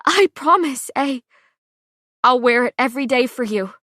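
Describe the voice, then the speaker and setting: A woman's voice: sits high, lively intonation, moderate pace, bright, forceful tone, no room sound, clean studio sound, pitched above the performer's own voice. A woman voicing a frantic young woman who pleads through sobs with a shaking voice. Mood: tearful. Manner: crying out, voice shaking.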